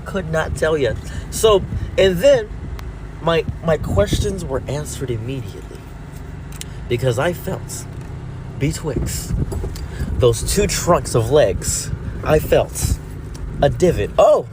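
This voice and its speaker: A man's voice: expressive, slow pace, pauses often, background noise. A young man telling a jokey, playful storytime. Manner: playful, jokey storytelling with sudden pitch jumps. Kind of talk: comic storytime.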